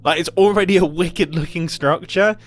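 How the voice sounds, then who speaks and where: Brief: playful, chatty male gaming narrator, slightly high voice, soft music bed. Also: moderate pace. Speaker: gaming video creator. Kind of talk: casual game commentary voice-over.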